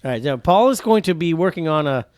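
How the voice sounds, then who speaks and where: A man's voice: fairly high pitch, expressive, quick pace, darkish tone, clean tone, dry recording. A man hosting a podcast, telling stories in a rambling, joking way with many restarts. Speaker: podcast host. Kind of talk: casual podcast chat.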